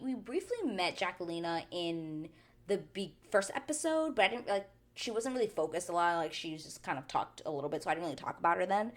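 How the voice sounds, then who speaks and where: A woman hosting a chatty reality show recap, animated and quick to act out the people she talks about. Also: fairly low pitch. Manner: animated, chatty, drops into quoted voices. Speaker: TV recap vlogger.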